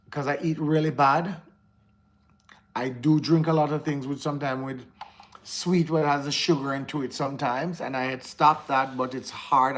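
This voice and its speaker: A man with a Jamaican accent hosting a casual livestream, talking candidly to his viewers, answering the live chat and often repeating himself. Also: fairly high pitch. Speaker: livestream host.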